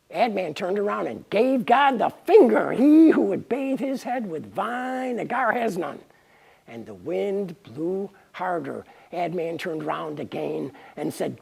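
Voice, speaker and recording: Woman, gravelly and husky, reading a pun-filled tale, slow and swooping. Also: medium pitch. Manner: playful, pun-laden, lively. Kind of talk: reading her own punning story aloud.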